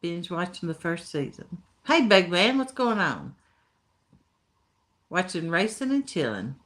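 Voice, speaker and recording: Her voice is lowish and a bit bright, unhurried but full of big pitch swings. She's an Appalachian-accented woman from Tennessee reading chat comments on a casual live stream, talking folksy and laughing a lot.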